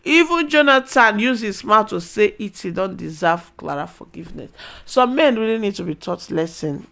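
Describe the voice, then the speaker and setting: A woman with a Nigerian accent retells a film's story for her viewers in a loose, chatty way. She is excitable and exclaims often, dropping into pidgin now and then. Her voice sits at a middling pitch. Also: moderate pace, vocal fry. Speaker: movie recap vlogger. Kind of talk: casual storytelling recap.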